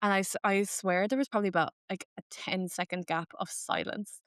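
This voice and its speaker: Chatty young Irish woman, smooth voice. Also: medium pitch, fairly even intonation, fairly quick, fairly bright tone, no room sound, studio quality. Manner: chatty, fills speech with "like", slips into Irish phrases. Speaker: podcast host. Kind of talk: casual chat.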